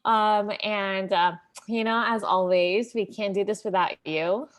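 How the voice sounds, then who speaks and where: A young woman whose first language is not English hosts a medical session over a video call. She talks in a relaxed, chatty way, with frequent ums. Her voice sits at a middle pitch. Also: measured pace. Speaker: host. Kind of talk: welcoming announcements on a livestream.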